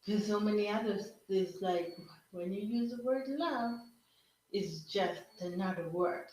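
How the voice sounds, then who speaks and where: A woman's voice: medium pitch, unhurried, darkish tone, a little hiss or hum. A woman hosting a podcast, musing in casual solo talk and tagging her points with rhetorical questions. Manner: reflective, asks rhetorical questions with frequent "right?". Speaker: podcast host. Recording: very echoey room.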